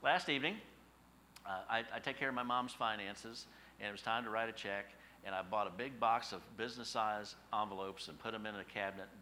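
Bright-voiced man preaching a folksy sermon. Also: on the low side, a little hiss or hum. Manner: folksy storytelling with rhetorical questions. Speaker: pastor.

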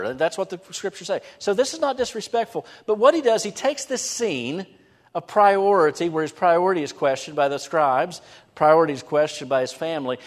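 A man gives an animated sermon in a church sanctuary, his voice at an ordinary middle pitch. He drops to near-whispers, then swells to emphatic lines. The sound carries a long reverb from the big hall around him. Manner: animated preaching, shifting from hushed to emphatic. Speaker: pastor.

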